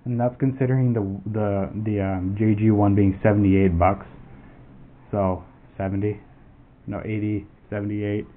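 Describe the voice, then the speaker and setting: This airsoft demo comes from a man whose voice is on the low side, fairly even in intonation and at a normal pace. Casual and rambling, he swears and restarts a lot, while the tinny, phone-like recording has faint noise.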